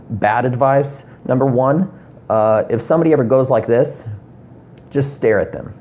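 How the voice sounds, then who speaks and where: A man in his thirties, a comedian vlogger with a mellow, mid-range voice, delivers a rambling, profane comedy rant to camera, packed with ums and asides.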